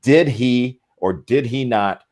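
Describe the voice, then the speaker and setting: Male host, mid-pitched, playful, keeps the panel moving. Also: takes it slowly, darkish tone. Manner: joking, steering the discussion. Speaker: show host. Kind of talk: casual panel chat, moderating.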